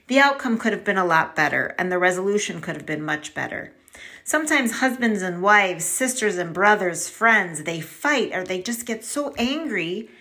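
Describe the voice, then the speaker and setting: A woman podcast host retelling a story in a casual, chatty way and talking straight to her listeners. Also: mid-range voice. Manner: chatty, animated, addresses listeners directly.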